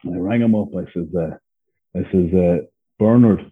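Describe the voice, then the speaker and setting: A man's voice: deep voice, a little fast, slightly rough. An Irish man, a podcast guest, telling his story in a blunt, profane, candid way and laughing as he goes. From Ireland. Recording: phone-like narrow sound.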